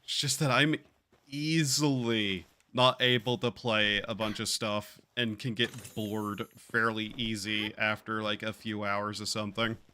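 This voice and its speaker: A man's voice: on the low side, little pitch movement, unhurried, sharp tone. A man streaming a game, talking in a drawling, meandering way with sighs and casual swearing. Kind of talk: casual gaming stream chat.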